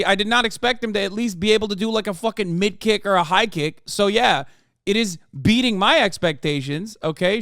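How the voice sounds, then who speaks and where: A man streaming his reaction to a video, excitable and rambling and swearing a lot. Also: high-pitched, a little fast, clear, resonant tone, no room sound, studio quality. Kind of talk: casual reaction commentary.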